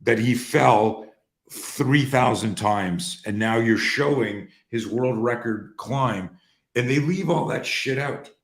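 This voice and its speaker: A man hosting a talk, telling stories in a casual, animated way, sometimes swearing and restarting his sentences. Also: medium pitch, slow pace, roomy sound. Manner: animated, profane, restarts often. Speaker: host.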